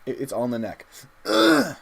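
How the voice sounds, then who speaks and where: A young man, chatting casually and haltingly with viewers while drawing on a livestream. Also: medium pitch, animated, darkish tone. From Canada. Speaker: streamer drawing live.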